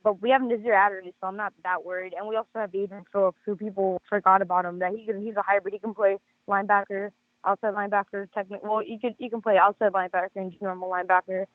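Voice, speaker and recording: Hoarse guy calling in on the phone, high voice, super dry tinny line, keeps restarting his sentences. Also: flat delivery, quick pace, no echo. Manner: rambling, with many stammered restarts. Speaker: caller. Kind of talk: casual sports call-in chat.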